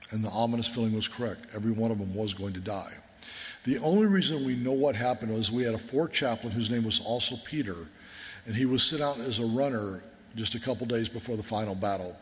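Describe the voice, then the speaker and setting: A man, a military chaplain, preaching a sermon in an earnest, folksy storytelling manner. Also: mid-range voice. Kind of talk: sermon with war stories. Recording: long hall reverb.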